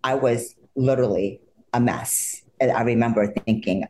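A woman, not a native English speaker, telling stories as an interview guest, emotional and laughing often, acting out quotes in high excited voices. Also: unhurried, pauses often, a little hiss or hum. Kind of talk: animated storytelling in an interview.

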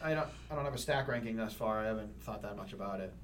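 A man's voice: fairly low pitch, fast talker. A man co-hosting a casual movie podcast, laid-back and trailing off. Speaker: podcast co-host. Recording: distant mic with faint noise.

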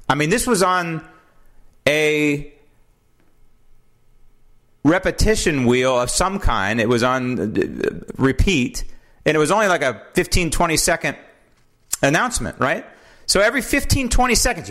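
A man's voice: a little high, very animated, normal speed, a bit bright. Indignant American man ranting on air. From United States. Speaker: talk show host. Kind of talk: political commentary monologue. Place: home studio. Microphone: studio mic with old headphones.

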